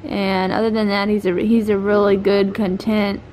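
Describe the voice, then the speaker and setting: A woman's voice: medium pitch, level tone, moderate pace, a little mellow, slight background noise. A young woman, a new mother, chatting casually to her vlog camera, rambling with many fillers.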